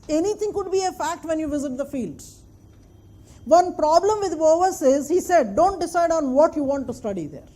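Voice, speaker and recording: High-voiced woman lecturing, mellow tone. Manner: emphatic, repeats points and checks the class follows. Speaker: anthropology lecturer. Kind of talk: classroom lecture.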